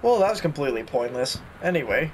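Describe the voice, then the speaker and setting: A man's voice: fairly high pitch, big pitch swings, fast talker, a little hiss or hum. A young man chatting and joking through a video game, reading notes aloud as he goes. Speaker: gaming YouTuber. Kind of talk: let's play commentary.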